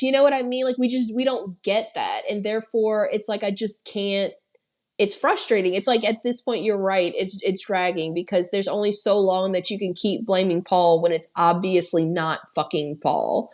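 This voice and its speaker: A woman's voice: mid-range voice, moderate pace. A woman co-hosting a podcast, retelling a horror film in casual, profane chat and acting out the characters' lines. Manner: animated, profane storytelling with acted-out quotes. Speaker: podcast co-host.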